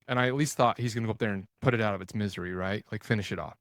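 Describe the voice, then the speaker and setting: A man in his forties, a podcast guest, telling a story in a casual, animated way, full of restarts and quoted thoughts. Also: on the low side, rapid-fire, few pauses, no room sound, studio quality. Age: 40s.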